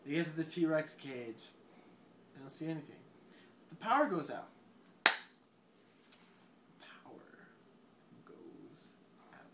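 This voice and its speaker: Drunk young man rambling, lively pitch. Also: normal speed, pauses often, very noisy. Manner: rambling, swearing, laughing, restarting. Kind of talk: drunken movie retelling.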